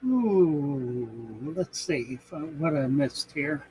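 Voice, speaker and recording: A man's voice: a little high, lively intonation, takes it slowly, a little mellow, slight background noise, poor audio. A man hosting a casual aquarium live stream, rambling and thinking aloud, with a chuckle now and then. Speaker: aquarium channel host.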